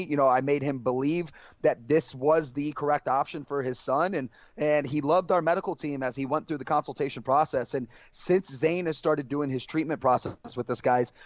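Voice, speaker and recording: A man's voice: fairly high pitch, no echo. A man, a guest on a podcast, telling earnest stories and acting out quoted dialogue as he goes. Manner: earnest storytelling, acts out quoted dialogue, keeps saying "guys". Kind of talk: casual podcast conversation. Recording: dry, dull lo-fi podcast audio.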